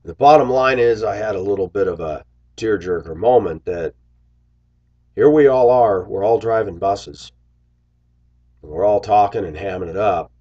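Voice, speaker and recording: Man, husky low voice, animated storyteller, muffled lo-fi recording. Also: normal speed, long pauses. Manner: animated, acts out quoted voices. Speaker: bus driver. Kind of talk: casual storytelling monologue. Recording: dull lo-fi sound.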